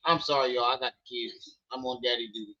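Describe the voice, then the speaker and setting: A man hosting a casual live stream from home, teasing his kids loudly and then chatting with viewers. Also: medium pitch, fast talker, lo-fi sound. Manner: loud playful teasing with his kids, then relaxed talk. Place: at home with children.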